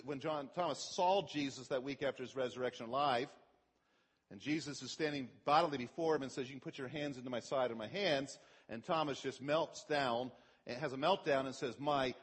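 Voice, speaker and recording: A middle-aged male pastor delivers a sermon in a slightly husky, higher-than-usual voice. He teaches plainly, then pushes up hard and loud when he quotes the lines he wants to stress. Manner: emphatic preaching, voice rising on quoted scripture.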